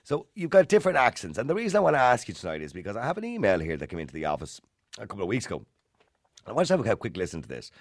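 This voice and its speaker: A low-voiced man with a Dublin accent hosts late-night talk radio from a dry, close studio mic. He talks in a chatty, opinionated way, with a lively pitch and frequent rhetorical questions to his listeners. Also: rapid-fire, dry recording. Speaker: radio talk show host. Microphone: studio microphone.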